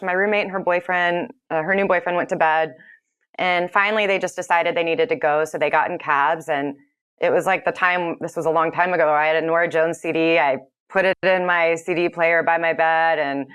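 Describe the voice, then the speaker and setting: A woman, a podcast guest, recounting a personal story in an earnest, halting way, with many fillers and restarts. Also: on the low side, steady tone, a bit bright, smooth.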